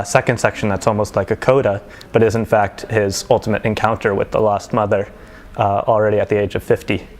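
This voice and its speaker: A man's voice: on the low side, slight background noise. A literary translator talking casually about a novel he has translated. He stops often for ums and restarts. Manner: hesitant, many ums and restarts. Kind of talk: casual book presentation with commentary. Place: event setting with faint ambience.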